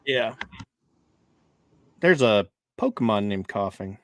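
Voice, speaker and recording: A man's voice: lowish voice, animated, slow, a bit bright, dry recording. A man co-hosting a casual chat show from his desk, rambling with lots of fillers and restarts, and laughing easily. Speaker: podcast co-host.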